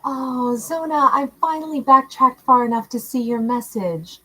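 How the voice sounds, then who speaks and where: A woman's voice: high voice, moderate pace, rough recording. Affectionate woman greeting livestream viewers. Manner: warm, affectionate, calls viewers love and honey; laughs often. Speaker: tarot livestream host. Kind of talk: casual livestream chat reading out viewer comments.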